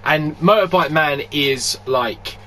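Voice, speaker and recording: A man telling a story in casual chat, animated, swearing freely and laughing often. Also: a little high, takes it slowly, slight background noise.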